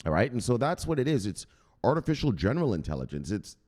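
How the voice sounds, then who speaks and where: A fast-talking US man presents crypto news in a very animated, slightly mellow mid-range voice, reading an article aloud. He veers into chatty, casual asides and asks viewers to google things.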